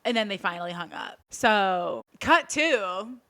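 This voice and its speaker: A woman's voice: mid-range voice, animated, a little slow, pushed and bright. A young woman co-hosting a podcast, animatedly retelling a story in casual chat and acting out the quotes of the people in it. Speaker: podcast co-host.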